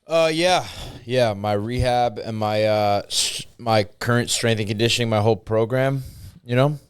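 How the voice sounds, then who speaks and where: A man's voice: mid-range voice, moderate pace, clean tone. A man co-hosting a podcast in easygoing, casual banter, laughing along often. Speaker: podcast co-host and professional fighter. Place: podcast studio.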